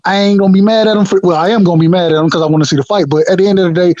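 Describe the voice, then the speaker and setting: A man co-hosting a casual boxing debate, talking in an animated, emphatic, slangy way. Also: high voice, very fast, no room sound, highs cut off. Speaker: podcast co-host.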